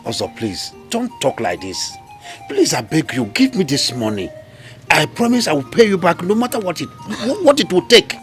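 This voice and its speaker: Desperate Nigerian hunter; loud pleas, swooping pitch. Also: male voice, sing-song, normal speed, faint music behind. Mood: begging. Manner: pleading, cries out loudly. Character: desperate poor village hunter, man. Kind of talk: Nollywood film acting.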